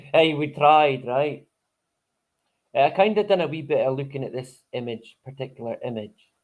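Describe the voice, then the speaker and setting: A man's voice: on the high side, animated, moderate pace, narrow, tinny audio. A man hosting a live stream in casual chat, rambling, swearing freely and chuckling often.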